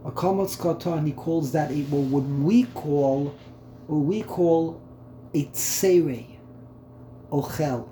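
A man's voice: fairly high pitch, slow, mellow. A man teaching a text study lesson, thinking aloud and repeating words as he works through the terms. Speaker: Torah teacher. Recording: echoey room, faint background hum.

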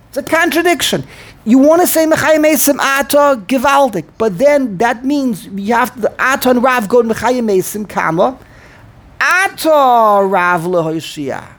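A man teaching a student in an informal lesson. He talks in an animated way, repeats and restarts words, and slowly sounds out the words he is teaching. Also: very high-pitched. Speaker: teacher of prayer pronunciation.

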